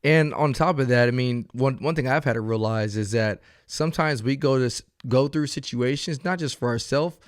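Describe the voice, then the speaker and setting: A man's voice: medium pitch, moderate pace, hardly any pauses, no echo. A man hosting an interview, a police officer himself, earnest and encouraging, asking long reflective questions. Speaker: podcast host and police officer.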